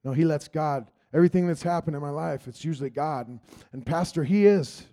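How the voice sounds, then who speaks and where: Brief: man, higher-pitched gravelly voice, earnest rambling church testimony and prayer. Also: brisk, warm tone. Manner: earnest, rambling, with repeated "Lord God" in prayer. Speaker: church member giving testimony.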